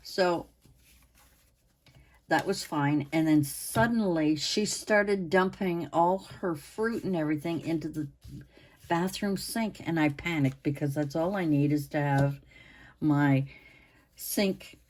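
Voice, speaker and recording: A woman in her sixties hosting her own channel, chatting to camera in a rambling way with pauses and restarts, her voice hoarse and interrupted by coughs. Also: deep voice, darkish tone. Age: 60s. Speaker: channel host. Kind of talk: casual chat to camera.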